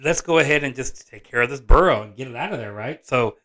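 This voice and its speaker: A man, a father and vlog host, telling a personal story in an animated, rambling way, often restarting and correcting himself. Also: mid-range voice, fast. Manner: excitable, rambling, frequent restarts and self-corrections.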